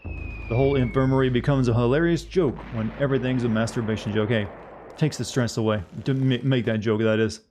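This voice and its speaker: A man's voice: medium pitch, steady tone, brisk, darkish tone, a little hiss or hum. A man streaming a game live, who reads on-screen text aloud and makes casual joking asides to his viewers. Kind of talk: live-streamed gameplay commentary.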